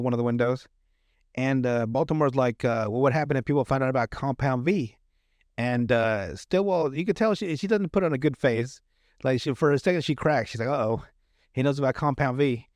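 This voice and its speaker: A man's voice: medium pitch, darkish tone, dry recording, studio quality. A man hosting a podcast, casually recapping a TV episode, rambling with lots of fillers and restarts. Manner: rambling with many fillers and restarts, laughs often. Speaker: podcast host.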